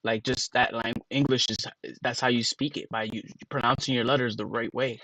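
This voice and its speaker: A man's voice: mid-range voice, steady tone, a little fast, a bit bright, a little hiss or hum, rough recording. A man on a casual livestream, rambling to his chat and sounding out words letter by letter with emphatic disbelief.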